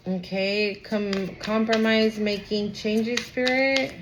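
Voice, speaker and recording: A woman talks her way through a tarot reading for her viewers, chatty and emotional, often breaking off mid-sentence to start again. Her pitch sits in the middle range. A steady, clearly heard noise runs under her voice. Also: slow pace. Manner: chatty, emotional, trails off and restarts. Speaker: tarot reader. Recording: background noise.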